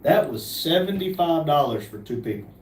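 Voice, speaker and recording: A man's voice: a little high, sing-song, a little mellow. A man, co-hosting a casual livestream with joking banter. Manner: joking banter, quick laughs. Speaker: livestream co-host. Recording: echoey room, distant mic, faint noise.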